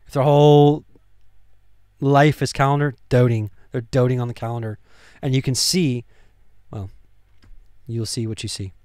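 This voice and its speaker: A man's voice: medium pitch, moderate pace, long pauses, smooth. A man teaches a Bible study in an easygoing, conversational way, stumbling over restarts and fillers as he thinks aloud. His voice sits in a middle range and is recorded dry and close, with no room echo. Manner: conversational, full of fillers and restarts, grows excited. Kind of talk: casual Bible study talk.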